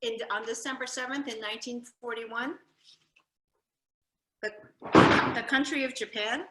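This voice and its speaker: A woman telling her family's history at a library talk, lively and animated, acting out her grandfather's jokes. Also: fairly high pitch, measured pace, a little hiss or hum. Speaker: storyteller giving a library talk. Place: library event room. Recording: echoey room.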